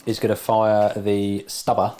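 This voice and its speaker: Low-voiced man thinking aloud. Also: monotone, unhurried, mellow. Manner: thinking aloud, hesitant, mumbling. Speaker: tabletop game player. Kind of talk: casual game talk.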